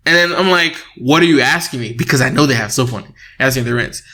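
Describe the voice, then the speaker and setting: A young man co-hosting a casual podcast with his wife, telling an animated story, laughing often and acting out both sides of an argument. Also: medium pitch, fast. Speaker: podcast co-host. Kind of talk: casual married-couple podcast chat.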